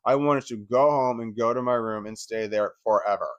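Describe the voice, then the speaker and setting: Dry, lo-fi audio captures a man speaking at a moderate pace in a medium pitch. As a channel host sharing his history, he gives a rambling, profane, emotional account of something painful, packed with fillers.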